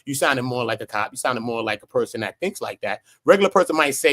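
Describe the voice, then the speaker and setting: A man's voice: medium pitch, animated, fast, hardly any pauses, fairly bright tone. A man on a livestream panel who talks in a streetwise, slangy, conversational way. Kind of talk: casual panel discussion.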